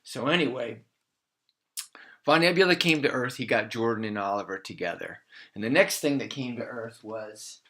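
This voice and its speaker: A man spinning a made-up tale for children, sounding animated and playful. He stretches out key words for drama and keeps the telling loose and homemade, with a voice of ordinary middle pitch. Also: a little hiss or hum. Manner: animated, playful, slows for emphasis. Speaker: storyteller. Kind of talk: improvised children's story.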